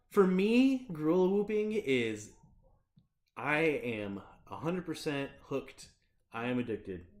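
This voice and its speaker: A young man from Michigan chatting casually on his livestream, rambling through stories and laughing often. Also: mid-range voice. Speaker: streamer.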